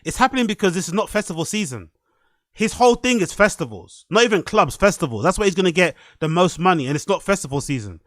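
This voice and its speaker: A man's voice: sits high, expressive, fast talker, no room sound. A man hosting a podcast, giving loose, profane, rambling commentary and often asking "you know what I mean". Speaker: podcast host. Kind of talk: casual commentary.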